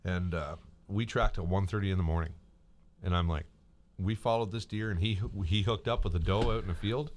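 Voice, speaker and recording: A man's voice: low voice, a little fast, a little hiss or hum. A man co-hosting a casual talk show, telling a long story and quoting himself, often repeating words. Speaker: podcast co-host.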